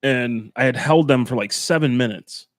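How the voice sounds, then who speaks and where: A man's voice: medium pitch, normal speed, dry recording, studio quality. A man telling stories in a casual podcast chat, laughing often and swearing freely. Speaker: podcast co-host.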